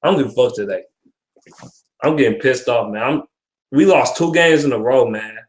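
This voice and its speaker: A man's voice: medium pitch, normal speed. A young man ranting with frustration about his football team, profane and repetitive. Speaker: sports fan vlogger. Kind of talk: ranting sports commentary. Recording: echoey room.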